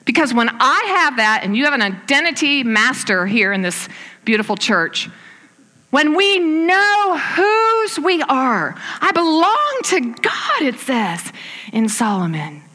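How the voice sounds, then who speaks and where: Middle-aged woman preaching in a church, bright voice, pitch jumping all over, emphatic. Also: slow pace, long reverb tail. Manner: animated, emphatic, laughs at herself. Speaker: guest speaker. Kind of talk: sermon.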